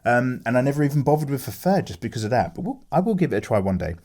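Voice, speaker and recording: A man casually chatting with viewers while drawing, animated, with lots of fillers as he reads chat aloud. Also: mid-range voice, very fast. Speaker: art streamer chatting with viewers.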